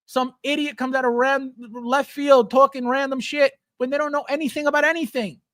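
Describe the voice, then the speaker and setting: A man's voice: very high voice, steady tone, a little fast, a bit bright, no echo, clean studio sound. A man hosting a livestream, ranting bluntly and with heavy profanity as he reads out and answers viewer chat. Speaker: livestream host. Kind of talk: casual livestream rant.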